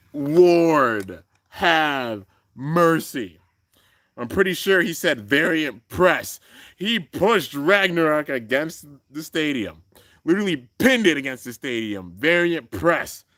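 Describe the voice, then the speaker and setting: Excitable young man reacting live. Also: a little high, no room sound, clean studio sound. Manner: excitable, swings to loud exclaiming. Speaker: channel host reacting to an anime episode. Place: home room with a fan, traffic outside.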